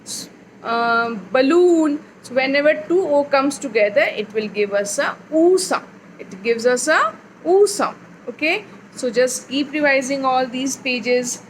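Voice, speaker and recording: A woman teaching a young child phonics, reading words slowly and clearly and repeating them. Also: high-pitched, a little hiss or hum, rough recording.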